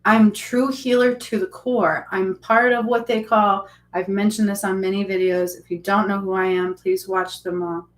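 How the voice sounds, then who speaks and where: Woman healer talking on a live stream, all fillers and restarts, gets emotional, mid pitch. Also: level tone, normal speed, hardly any pauses, low-quality recording. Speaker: spiritual healer. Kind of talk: casual live-stream monologue.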